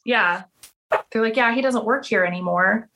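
A woman's voice: a little high, normal speed, a crowd in the background. Woman, 30s, podcast guest; casual storyteller who acts out the dialogue she quotes. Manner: chatty, many "like" fillers, acts out quoted dialogue.

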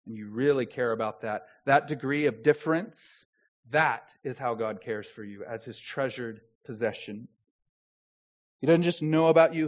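A man preaching a sermon as a pastor, swinging from soft, close, earnest phrases to loud, slowed, emphatic proclamation. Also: on the high side. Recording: tinny phone-like sound.

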